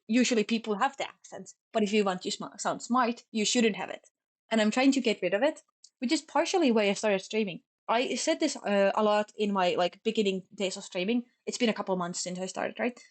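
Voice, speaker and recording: Young woman, Finnish accent, casual streamer chat, quick and sloppy delivery, mid-range voice. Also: mid-range voice. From Finland. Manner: fast, sloppy talker who stumbles over words.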